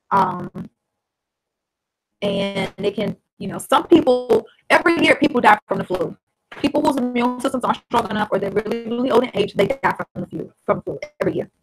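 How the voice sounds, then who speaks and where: A woman's voice: fairly high pitch, gravelly, rough recording. A woman telling a story casually on her vlog, chatty and blunt, swearing freely. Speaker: vlogger.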